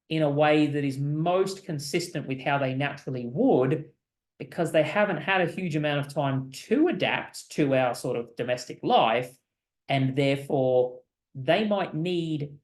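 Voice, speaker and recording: A psychologist host with a fairly high male voice offers thoughtful commentary explaining a reader post, often checking in with the listener. The sound is roomy.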